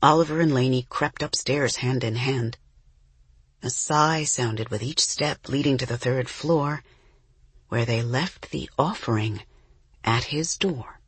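A woman reads a children's storybook aloud in an even storytelling manner. Her voice is husky and a little breathy. The sound is dry and close, with no room behind it. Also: extremely low pitch, a little slow, dry recording. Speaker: audiobook narrator. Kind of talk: scripted narration.

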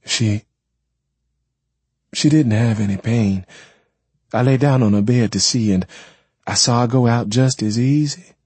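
A man voicing a worn, gentle young mother speaking hesitantly in a story reading. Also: medium pitch, measured pace, pauses often, husky, no room sound, pitched above the performer's own voice. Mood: sad. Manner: hesitant, soft.

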